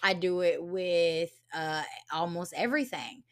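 A woman hosting a podcast, telling a story in a blunt, profane and animated casual monologue. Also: fairly low pitch, a little slow, clean tone. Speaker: podcast host.

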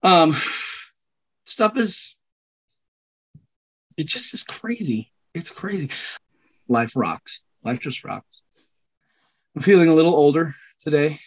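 A man's voice: fairly high pitch, big pitch swings, slow pace, pauses often, husky. A man chatting as a podcast guest, rambling and joking, laughing at himself. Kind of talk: casual chat.

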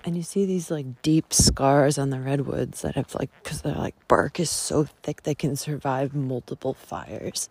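Gravelly-voiced woman gushing on a trail. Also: very deep voice, a little slow, hardly any pauses, a little mellow. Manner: gushing, spiritual, many "like"s, drifting into whispers. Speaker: travel vlogger. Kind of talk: casual travel vlog. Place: outdoors on a forest trail.

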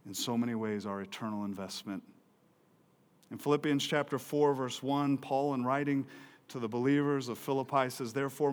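A man preaching a sermon with passion, swinging from loud, emphatic peaks to low, quiet stretches. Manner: impassioned preaching, rising loud for emphasis and dropping low and soft. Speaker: pastor. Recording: long hall reverb.

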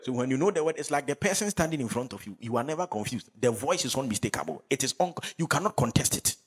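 Fervent preacher, husky and animated. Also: male voice, medium pitch, fast talker. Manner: fervent preaching with call and response to the congregation. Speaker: pastor. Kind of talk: sermon.

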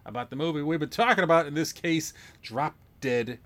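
A man's voice: on the high side, a little fast, fairly bright tone. A man co-hosting a movie podcast, chatting casually and animatedly, often repeating words for emphasis and laughing. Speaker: podcast co-host.

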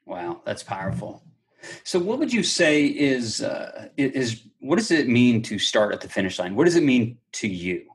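A man's voice: mid-range voice, sing-song, moderate pace. A man interviewing a guest, encouraging him with short affirmations and asking open questions.

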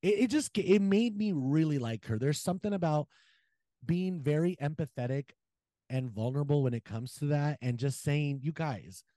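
A man hosting a casual gossip podcast, animated and giggly, swearing freely. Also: on the high side, moderate pace, no room sound, studio quality. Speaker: podcast host.

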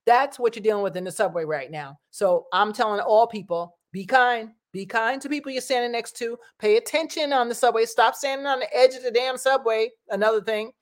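This is a middle-aged woman talking straight to her viewers. She rambles from one thing to the next in a casual, chatty way, and her voice turns animated when she quotes what people said. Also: a little high, brisk, hardly any pauses. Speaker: vlogger.

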